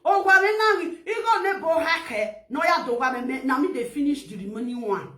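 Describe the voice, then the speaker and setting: A Nigerian woman with an Edo accent ranting loudly in a casual vlog, laughing often and mixing Pidgin with a local language. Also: high-pitched, animated, fairly quick, reverberant. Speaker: social media vlogger. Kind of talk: animated casual rant.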